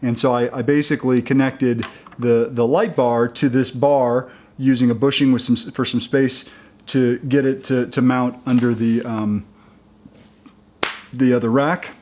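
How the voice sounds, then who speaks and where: A man talking casually in a how-to video, halting and upbeat, with many restarts and fillers as he works. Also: medium pitch, level tone, a little mellow. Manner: chatty and upbeat. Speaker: vlogger installing a roof rack.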